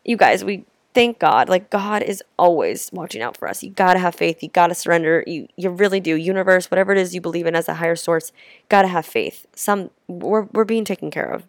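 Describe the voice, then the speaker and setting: A young woman vlogging about her travels, telling stories casually and warmly with lots of filler words. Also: on the low side, brisk, creaky, no room sound, studio quality. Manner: chatty, heartfelt, lots of "like" fillers. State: tearful at times. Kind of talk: casual storytelling to camera.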